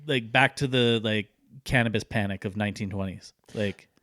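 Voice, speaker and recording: A man's voice: on the low side, normal speed, fairly bright tone, dry recording. Chatty Canadian man with lots of fillers. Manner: chatty, chuckling, filler-heavy. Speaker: podcast co-host. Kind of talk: casual chat.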